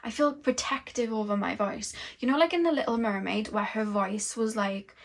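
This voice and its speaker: Slow, dreamy young woman reading tarot. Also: fairly high pitch. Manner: slow, dreamy, musing channeling talk. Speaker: tarot reader.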